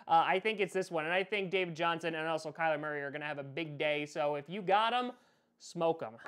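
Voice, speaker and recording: A man's voice: sits high, fairly bright tone. A young man hosting a fantasy football vlog, talking casually with joking, sarcastic asides. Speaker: host.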